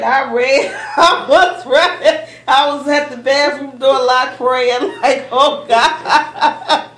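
A woman recounting childhood memories in a lively storytelling manner, often laughing as she remembers. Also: high voice, reverberant. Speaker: interviewee recalling childhood. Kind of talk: oral history storytelling.

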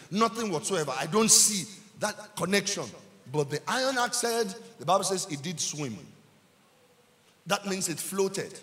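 A man with a Nigerian accent, a pastor preaching a sermon in church, building up to shouted emphasis and repeating his lines. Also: sits high, long reverb tail.

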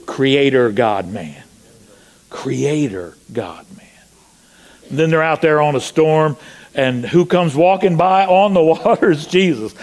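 Man preaching with sudden high cries. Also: a little slow. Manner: animated preaching, rising to loud high cries when quoting scripture; asks the congregation rhetorical questions. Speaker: pastor. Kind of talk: sermon. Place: church sanctuary.

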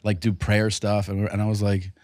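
Low-voiced man telling a story. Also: flat delivery, moderate pace, a little mellow, dry recording, clean studio sound. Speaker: podcast co-host. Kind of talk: casual chat.

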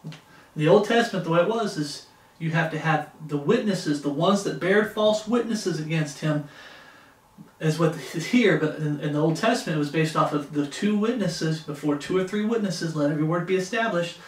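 A man's voice: a little high, moderate pace, echoey room, recorded from a distance, poor audio. A man preaching a sermon, reading Bible passages aloud and breaking off into impassioned plain-spoken asides. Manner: reads scripture in King James wording, breaks off into impassioned asides.

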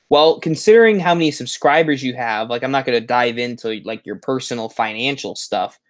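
A man hosting a live stream for a Halloween prop channel chats his way through it casually, rambling and keeping up a running stream of self-mocking asides. His voice is ordinary, neither high nor low.

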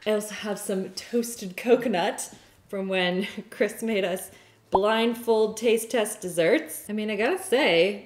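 A woman's voice: medium pitch, slight background noise. Bubbly young woman vlogging in echoey kitchen. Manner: bubbly, giggly, chatty. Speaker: cooking vlogger. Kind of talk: casual cooking vlog chat. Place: home kitchen.

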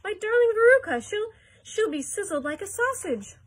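A woman voicing a hysterical rich mother in a children's storybook read-aloud, shrill and wailing. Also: sing-song, slow, sharp tone, exaggerated voice. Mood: frantic.

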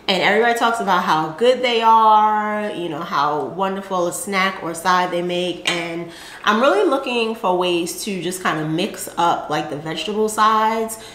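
A woman with a Southern American accent hosts a gardening channel, rambling casually and using many fillers as she shows off her seed packets. Her medium-pitched voice is a bit bright, with reverb and slight background noise.

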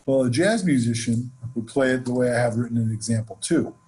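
A man teaching jazz improvisation in a relaxed, conversational way, counting off beats between demonstrations. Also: mid-range voice, brisk, music in the background, low-quality recording. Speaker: jazz music instructor. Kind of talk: explaining and demonstrating on instrument. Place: home studio, online session.

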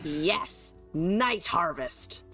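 A woman's voice: on the low side, animated, extremely slow, bright, forceful tone, soft background music. A woman streamer casually commentating her card game, joking, laughing and swearing freely.

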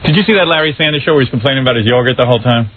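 A man's voice: medium pitch, very fast. A man hosting a talk radio show in the studio, wisecracking and complaining at length in loose banter. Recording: narrow phone-like radio audio.

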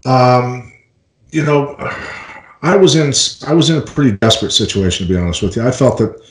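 A middle-aged man from Iowa, a former fighter and interview guest, telling his story in a relaxed, rambling way with many fillers and restarts. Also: medium pitch, brisk, reverberant, low-quality recording. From Iowa, United States.

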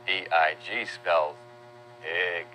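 A lowish male voice with a bright, forceful edge, swooping up and down as he explains things to small children. He takes his time, spells words out letter by letter and mimics farm animal calls in a patient, sing-song manner. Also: fairly even intonation, drawn-out words, a little hiss or hum. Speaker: children's teacher. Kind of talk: slow, simple teaching narration for young children.

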